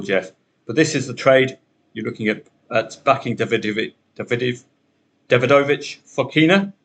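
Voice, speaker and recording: A man hosting a solo betting podcast, talking through the day's matches in a chatty way with wry asides. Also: lowish voice.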